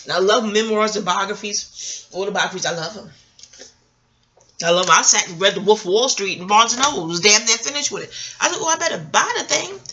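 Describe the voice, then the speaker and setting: A middle-aged woman venting in a casual, scattered, profanity-laced rant, swinging between loud outbursts and quiet asides. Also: medium pitch, fairly quick, muffled recording, noisy background. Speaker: vlogger.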